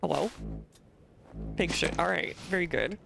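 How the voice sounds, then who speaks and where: A woman's voice: deep voice, creaky, noisy background. A woman streaming a game, talking wryly and thinking aloud as she reads the text on screen. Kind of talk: let's play commentary.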